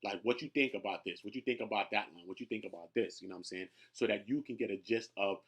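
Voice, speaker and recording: A man's voice: lowish voice, fast talker, fairly bright tone, husky. A man casually teaching how to build a rap hook, talking loosely and often checking in with "right?" and "you know what I'm saying.". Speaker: rap tutorial host. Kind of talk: casual instructional talk.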